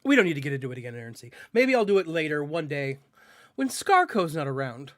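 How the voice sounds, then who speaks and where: A man's voice: on the high side, sing-song, quick pace, a bit bright, no room sound. A male streamer in casual live-stream chat, joking with his viewers and tripping over tricky words.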